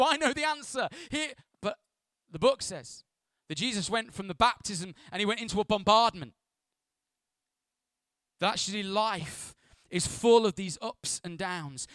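A man preaching a sermon as pastor, animated, dropping to hushed asides and rising to loud, playful bursts. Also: on the high side, no echo, clean studio sound.

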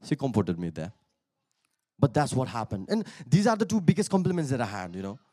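Speaking fairly quickly in a warm, medium-pitched voice with huge pitch swings, a man preaches a sermon built around his personal testimony. His storytelling is loose and conversational, full of laughter between sentences, and it builds into emphatic exhortations to the audience.

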